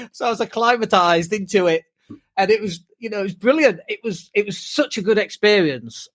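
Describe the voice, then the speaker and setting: A British man co-hosting a podcast, chatting casually and tired from jet lag, telling animated stories with swearing and mimicked whoops. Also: sits high, a little fast. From United Kingdom. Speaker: podcast co-host. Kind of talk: casual chat.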